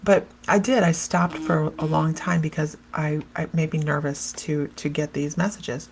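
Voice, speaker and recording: A woman's voice: sits low, steady tone, normal speed, vocal fry, slight background noise. A woman psychic medium hosting a casual livestream, chatting and rambling, laughing often and talking straight to viewers by name as she reads their comments.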